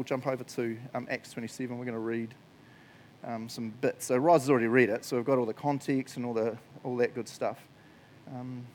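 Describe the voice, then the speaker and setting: A man's voice: mid-range voice, darkish tone, slight background noise. A man giving a casual, joking sermon, often laughing as he talks. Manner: chatty, jokey, laughs often. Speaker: preacher.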